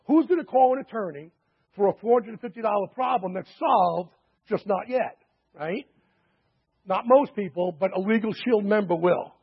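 Man, higher voice, husky, anecdotal sales pitch, lo-fi sound. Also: lively intonation, normal speed. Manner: anecdotal, chatty with fillers and quoted dialogue. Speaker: sales presenter. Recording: dull lo-fi recording.

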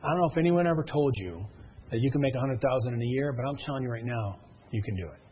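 A man's voice: mid-range voice, lively intonation, fast talker, slight background noise. A man giving a motivational speech at a sales meeting, emphatic and repetitive, telling stories to push his audience. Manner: emphatic, repetitive, storytelling, rising and falling intensity. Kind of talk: motivational speech to a live room. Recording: tinny phone-like audio.

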